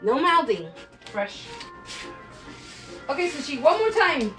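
High-pitched giggly woman talking to her dog. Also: very animated, takes it slowly, long pauses, pushed and bright, far from the mic, faint music behind, poor audio. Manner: sing-song praise to a dog, giggly. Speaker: dog owner filming her pet. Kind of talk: playful pet vlog talk.

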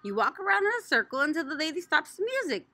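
A woman's voice: high voice, sing-song, fast, bright, forceful tone, dry recording, pitched above the performer's own voice, exaggerated voice. A woman voicing a patient but weary mother in an audiobook, coaxing and mildly exasperated. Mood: encouraging. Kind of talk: audiobook reading.

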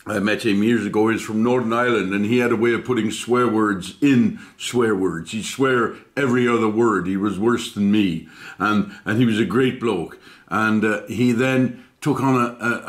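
A man's voice: lowish voice, fairly bright tone. A comedian chatting casually to camera as host of his own channel, telling stories in a jokey, self-mocking way with plenty of fillers and asides.

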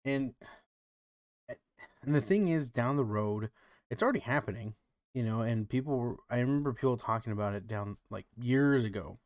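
A man co-hosts a podcast, chatting casually and rambling with lots of "like" and "you know." His medium-pitched voice is expressive with a darkish tone at a moderate pace, recorded at studio quality without room sound.

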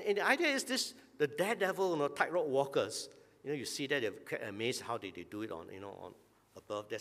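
A male pastor giving a conversational sermon in a church, putting rhetorical questions to the congregation and often clearing his throat. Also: mid-range voice, fairly bright tone. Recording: long church-hall reverb.

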